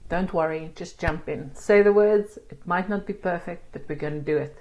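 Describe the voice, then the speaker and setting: A woman's voice: on the low side, moderate pace, a little mellow. A woman teaching an online language lesson, explaining step by step in a patient, encouraging way. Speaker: Afrikaans teacher.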